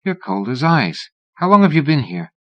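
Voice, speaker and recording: A male audiobook narrator voicing a witty, playful woman in her thirties, with a teasing, lively delivery. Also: a little high, moderate pace, highs cut off, pitched above the performer's own voice.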